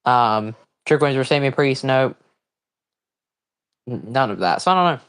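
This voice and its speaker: A man hosting a livestream, giving casual, rambling commentary on a wrestling broadcast and breaking into excited outbursts and confused reactions. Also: medium pitch, normal speed, smooth. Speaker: livestream host.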